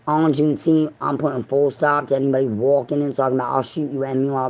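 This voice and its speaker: A woman's voice: deep voice, darkish tone, rough recording. A woman livestreaming a rambling, profane monologue, jumping from one thought to the next and talking straight at her viewers. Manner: profane, free-associating, talks straight at viewers.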